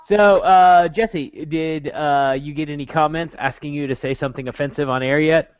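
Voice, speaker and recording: A man's voice: on the high side, fairly even intonation, moderate pace, clean tone, dry recording, muffled recording. A man co-hosting a casual podcast, teasing the others and laughing easily. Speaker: podcast co-host.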